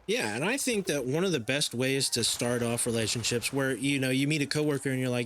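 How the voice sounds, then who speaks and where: A young adult man chats casually on a podcast, spinning stories in long rambling runs. His pitch sits in an ordinary middle range, and a faint hiss lies under the talk. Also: brisk, few pauses. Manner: animated storyteller, talks in long rambling runs. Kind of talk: casual conversational chat.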